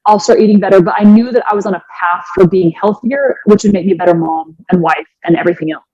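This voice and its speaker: A woman in her forties, a fitness coach, telling her personal story in an earnest, animated way with many restarts. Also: medium pitch, fast, a crowd in the background. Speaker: fitness coach and podcast guest. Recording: dry, slightly dull sound.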